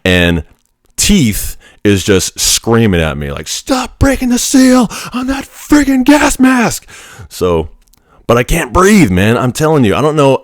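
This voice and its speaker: A man's voice: lowish voice, dry recording, clean studio sound. A man telling a story in a casual, rambling way, with frequent restarts and military slang. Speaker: vlogger telling a training story.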